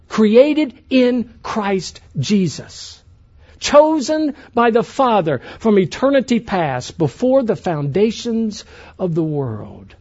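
A man delivers a sermon in a high, animated voice that climbs and drops widely. He preaches emphatically, swinging between loud passages and hushed ones. The recording sounds dull and lo-fi. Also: slow. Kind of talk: sermon to a youth conference.

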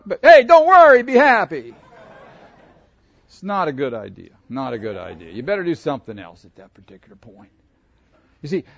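A man's voice: medium pitch, slightly rough, no room sound, highs cut off. A man preaching a sermon, asking his congregation questions and laughing between his points. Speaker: pastor. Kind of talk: interactive sermon.

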